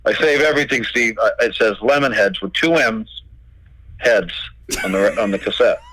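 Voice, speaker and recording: Swearing freely, a man who owns a record label relives old conversations as a podcast guest, retelling dialogue with "I go." He has a lowish, fairly bright voice at a moderate pace, and the low-quality recording carries a little hiss or hum.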